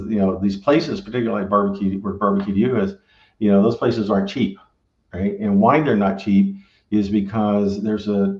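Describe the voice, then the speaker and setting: A man who owns a barbecue restaurant gives rambling, casual advice and keeps tagging his sentences with "right?". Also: lowish voice. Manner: rambling, filler-heavy, keeps asking "right?". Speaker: restaurant owner and pitmaster. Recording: roomy, dull lo-fi sound.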